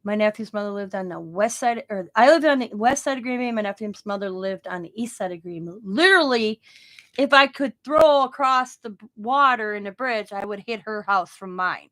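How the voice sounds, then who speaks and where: A middle-aged woman casually telling a story as host of her own channel, animated and informal, often laughing at her own tale. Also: mid-range voice, normal speed.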